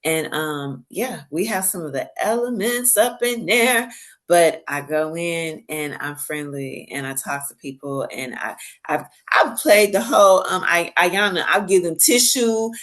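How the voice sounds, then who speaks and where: A woman with a fairly low voice tells stories animatedly in a casual podcast chat. She acts out the voices of the people she quotes and laughs as she talks. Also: measured pace, a bit bright. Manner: laughs while telling stories. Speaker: podcast guest. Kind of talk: casual storytelling conversation.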